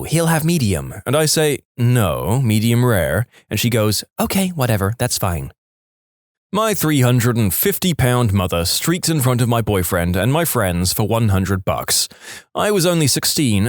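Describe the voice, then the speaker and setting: A man reads submitted stories aloud in brisk, matter-of-fact scripted narration. His mid-pitched voice moves a lot in pitch. It is recorded close on a studio mic in a dry space. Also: no room sound. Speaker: story narrator.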